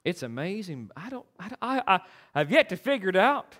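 High, lively-voiced preaching man. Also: moderate pace. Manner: emphatic, preachy, with stammered restarts. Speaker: pastor. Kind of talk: sermon.

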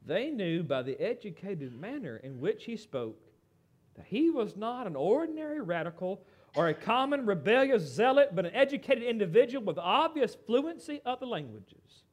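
A middle-aged American man preaching a sermon in an animated, conversational way, with asides to the congregation. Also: high voice, moderate pace. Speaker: pastor.

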